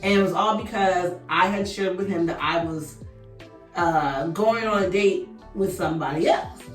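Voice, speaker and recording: In a storytime vlog, a young woman who does beauty content talks animatedly and casually with her viewers as she applies makeup, her voice fairly low and her pace moderate. The room is echoey and she's a bit far from the mic, with soft background music behind her.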